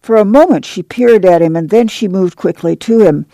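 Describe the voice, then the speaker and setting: A reader with a gravelly, dark voice narrates a story in a steady, measured way. The recording is dry and close. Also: medium pitch, no echo. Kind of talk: dramatic audiobook narration.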